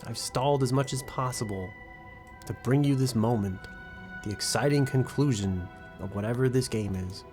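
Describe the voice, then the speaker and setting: A young man streams a game and rambles through casual, joking commentary full of swearing. His voice sits at an ordinary male pitch. Soft music plays faintly behind him. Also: moderate pace. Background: faint background music.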